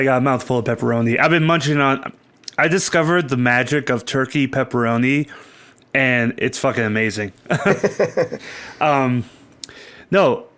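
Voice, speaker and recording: A man co-hosting a casual podcast chat, swearing freely, rambling and animated. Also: mid-range voice. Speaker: podcast co-host.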